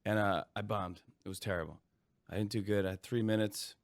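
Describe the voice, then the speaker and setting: A male comedian guest telling stories casually, animated and laughing, acting out quotes. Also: fairly low pitch, fairly quick, no room sound, clean studio sound. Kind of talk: casual storytelling.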